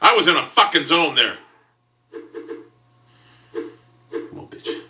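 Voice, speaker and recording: A man giving profane gameplay commentary while seated, grumbling, then bursting into yelling outbursts. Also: fairly high pitch, animated, moderate pace. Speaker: gamer. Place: seated in a chair while playing.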